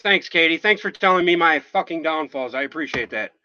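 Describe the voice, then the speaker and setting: A man's voice: on the high side, expressive, fairly quick, sharp tone, no echo, highs cut off. A man hosting a livestream, talking emotionally and apologetically, rambling and swearing often. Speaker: livestream host. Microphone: phone.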